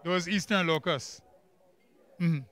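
A man with a Barbadian accent leading a church camp Bible workbook lesson, quizzing the class with quick questions and emphatic repeats. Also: fairly high pitch, a bit bright. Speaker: Bible study teacher.

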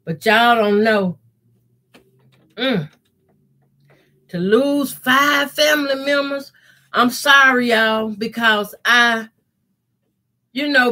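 A middle-aged woman, hosting a casual quilting live stream, reading viewer comments and praying aloud with deep feeling. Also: pushed and bright. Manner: heartfelt, prays aloud with deep emotion. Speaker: quilting channel host.

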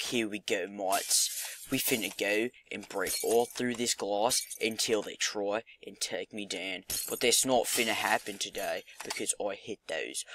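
A man's voice: mid-range voice, fairly bright tone, slight background noise. A man putting on a put-on Australian accent to voice a brash, cheeky bloke who boasts and swears.

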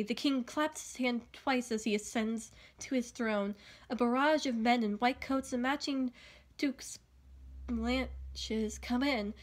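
A woman reads a novel aloud in a steady, even manner. Her voice sits somewhat high, and she slips over a word here and there. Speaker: audiobook reader.

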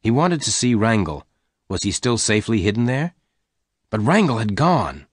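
A man narrating a graded story for language learners in a slow, plain reading. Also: fairly low pitch, sing-song, breathy edge, no echo, studio quality.

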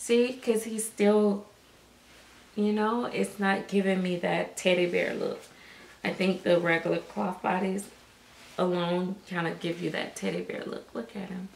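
A woman chatting casually to camera about her reborn dolls, rambling and soft-spoken. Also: mid-range voice, steady tone, measured pace, creaky, a little hiss or hum. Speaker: reborn doll collector. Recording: echoey room.

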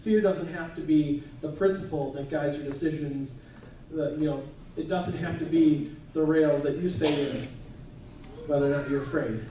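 Male pastor, chatty sermon delivery, warm low-bright tone, roomy distant church sound. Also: steady tone, normal speed, a little hiss or hum. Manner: conversational, chatty preaching with asides. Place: church sanctuary. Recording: echoey church hall, mic at a distance.

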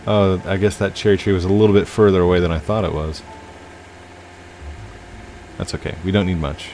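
A man's voice: sits low, little pitch movement, brisk, long pauses, a little mellow, a little hiss or hum. A man hosting casual let's-play commentary at his home computer, chatting to viewers and narrating his own moves. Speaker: gaming channel host.

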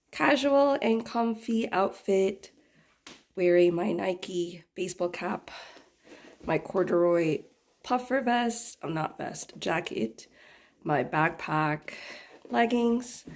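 Getting over a cold that leaves her voice slightly muffled, this young woman vlogs a thrift run, upbeat and chatty and talking straight to viewers. She has a fairly low pitch and darkish tone, recorded with no room sound.

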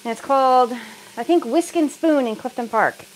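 A woman's voice: high voice, moderate pace, a little hiss or hum, poor audio. Woman, middle-aged, from the United States, casual cooking chat, home kitchen, faint sizzle behind. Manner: chatty, laughs often, reads and answers live comments. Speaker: cooking livestream host.

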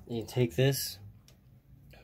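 A tired man giving a casual hands-on tutorial at a workbench, rambling and trailing off as he talks to himself while working. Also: takes it slowly. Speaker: hobbyist showing a model truck build. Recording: clear steady background noise.

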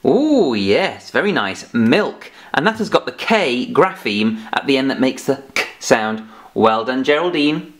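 A man leads a children's phonics lesson with a lively, swooping voice. He talks slowly and patiently, mixing playful scolding with praise. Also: mid-range voice. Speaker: phonics teacher.

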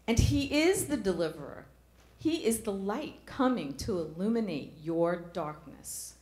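A woman's voice: on the low side, darkish tone. Middle-aged woman preaching in an echoey church. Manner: earnest, rhetorical questions to the congregation. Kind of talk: sermon.

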